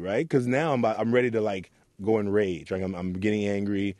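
A man from Oakland speaks in an interview with a low, mellow voice. He tells his story earnestly as a youth mentor and acts out the people in it. The room is dry and close. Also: fairly even intonation, a little fast, hardly any pauses, no room sound. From Oakland, California. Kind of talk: reflective interview talk.

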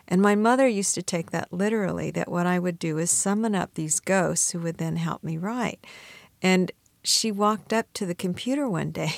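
A woman's voice: mid-range voice, moderate pace, vocal fry, no echo. A middle-aged woman, an author being interviewed, telling reflective stories and acting out the voices she quotes. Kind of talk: radio interview conversation.

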